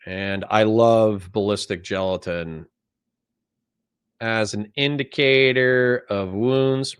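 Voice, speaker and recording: A man's voice: on the low side, steady tone, slow, clean tone. A man hosting a livestream, reading out chat messages and answering them in a blunt, profane, conversational way. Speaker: livestream host.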